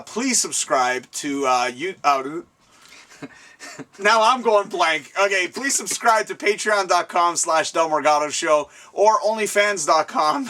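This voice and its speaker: A man hosting a casual interview at a guest's home, excitable and rambling, laughing often, recorded from a distance. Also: high-pitched. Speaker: show host. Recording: distant mic, faint room ambience.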